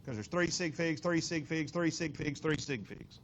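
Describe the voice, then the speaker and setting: Middle-aged male physics teacher, lively and questioning, slightly high voice. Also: moderate pace, a little hiss or hum. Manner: animated, lots of rhetorical questions and inflection. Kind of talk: classroom lecture working problems. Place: classroom.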